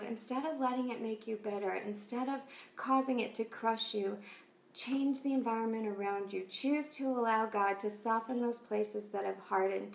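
A woman hosts a devotional talk, speaking in an earnest, encouraging way as she tells a simple parable and prays. Her voice sits a little high and carries a gravelly fry. The recording is echoey, as if made in a bare room. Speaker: host of faith talk show.

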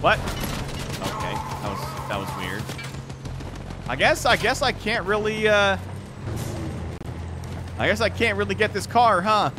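A man giving excitable, reactive live commentary on his own gameplay, swearing freely. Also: high-pitched, takes it slowly, pauses often, music in the background. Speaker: gaming YouTuber. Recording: game gunfire in the background. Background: video game gunfire and clicks.

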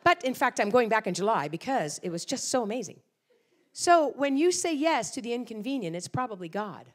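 A middle-aged woman preaching with a fairly high, very animated voice. She tells her stories in a storytelling manner and acts out the quotes as she goes. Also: a little fast. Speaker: guest speaker. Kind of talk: sermon.

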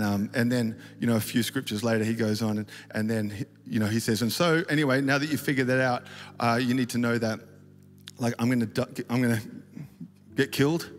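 Male conference speaker, chatty and self-deprecating, mid pitch, on a reverberant auditorium stage. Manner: rambling, self-deprecating, many fillers and restarts. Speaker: worship leader speaking at a conference. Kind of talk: casual conference talk with storytelling. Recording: reverberant hall, faint ambience.

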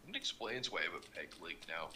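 A young man playing a survival game with a friend, making deadpan, absurd jokes. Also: low-pitched, fast talker, slight background noise. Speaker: co-player. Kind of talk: casual gameplay chat.

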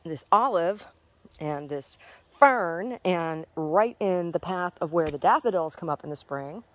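A woman vlogging casually as she walks her backyard garden, muttering to herself and cooing at her chickens. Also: low voice. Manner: chatty, muttering to herself, sing-song baby talk to animals.

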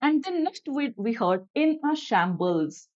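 High-voiced Indian woman teaching English vocabulary. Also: big pitch swings, a little slow, darkish tone, highs cut off. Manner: switches to Hindi to explain, asks "clear everyone?"; repeats each definition, greets live chat viewers. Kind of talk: online exam-prep vocabulary lesson.

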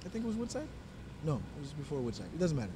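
A man's voice: on the high side, big pitch swings, very fast, background noise. A man, co-hosting a podcast and telling a long, profane story with many restarts. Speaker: podcast co-host. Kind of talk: casual storytelling chat.

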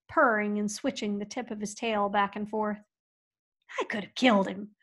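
A woman reading a storybook aloud with folksy, lively expression. Her voice sits a little high, and she swings between hushed asides and loud outbursts. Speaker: audiobook reader. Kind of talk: storybook narration.

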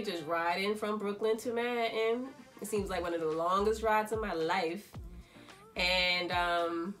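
Chatty New woman telling a story. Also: medium pitch. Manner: animated, chatty storytelling full of quoted asides. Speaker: fashion designer. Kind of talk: casual storytime vlog.

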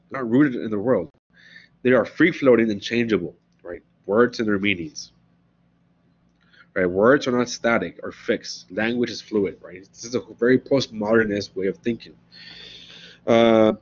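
A man's voice: medium pitch, slightly rough. A man giving a philosophy lecture in a conversational way, often checking in with "right?" as he explains ideas. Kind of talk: recorded classroom lecture. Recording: dull, lo-fi lecture recording.

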